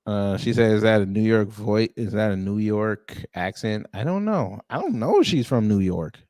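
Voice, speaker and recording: A man's voice: lowish voice, lively intonation, normal speed, darkish tone, no echo. Blunt man reacting with dry close sound. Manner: blunt, exclaiming, repeats phrases for emphasis. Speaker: host commenting on a court hearing. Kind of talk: casual reaction commentary.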